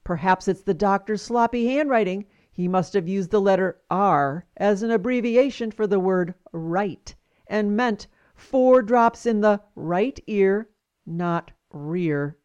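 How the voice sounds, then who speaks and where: A woman voicing an impatient female nurse who gives curt, rapid instructions. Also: mid-range voice, darkish tone, smooth, muffled recording, natural voice. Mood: apologetic.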